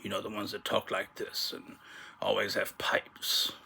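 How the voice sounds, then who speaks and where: Gravelly, slow-talking man hosting a vlog. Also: fairly low pitch, monotone, sharp tone. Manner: rambling, self-mocking storyteller who laughs at his own jokes. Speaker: channel host. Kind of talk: casual comedic vlog. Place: his bedroom.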